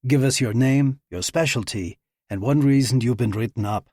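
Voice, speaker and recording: A man's voice: medium pitch, moderate pace, a little mellow, dry recording, lightly acted. A man voicing an agent leading his team in a dry, commanding way.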